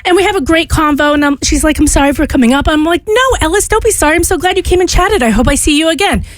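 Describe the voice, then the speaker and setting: A woman's voice: sits high, fast, no echo. A woman with a light Southern accent, co-hosting a radio show, telling a self-mocking story with animation. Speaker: radio co-host. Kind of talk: casual storytelling. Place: radio studio.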